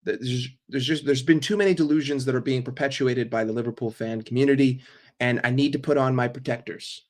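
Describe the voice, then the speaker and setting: A man's voice: mid-range voice, fairly even intonation, brisk. A man from New York ranting casually and profanely on a live stream, rambling between jokes and opinions. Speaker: football fan streamer.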